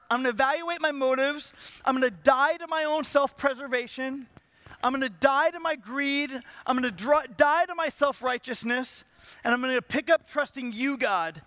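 Male pastor preaching, very high and bright voice, rhetorical questions, dry close sound. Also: no echo. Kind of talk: sermon.

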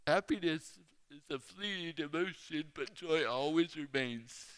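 Guy preaching slow n high, smooth clear voice, big echoey hall. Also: fairly bright tone. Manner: slow, emphatic storytelling preacher. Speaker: speaker. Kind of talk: sermon. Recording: reverberant hall.

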